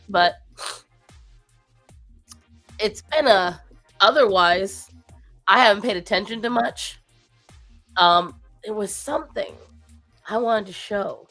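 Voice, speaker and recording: A woman's voice: mid-range voice, slow, long pauses, fairly bright tone, soft background music. Tired woman rambling on a livestream. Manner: rambling, talks to her pets in baby talk between stories. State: tired and low after a long week. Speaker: stream host. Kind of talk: casual chat on a livestream.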